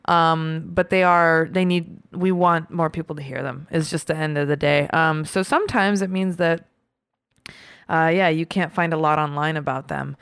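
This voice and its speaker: A woman co-hosting a podcast in casual chat, laughing often and filling pauses with ums. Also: sits low, steady tone, fairly bright tone, smooth, no room sound. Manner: chatty, laughs often, many fillers. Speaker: podcast co-host.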